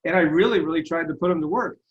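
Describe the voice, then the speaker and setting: A success coach, speaking as a guest in a casual interview over a video call, tells stories earnestly and self-deprecatingly, with animated retellings. He talks fast in a husky voice on the high side, and the recording is muffled.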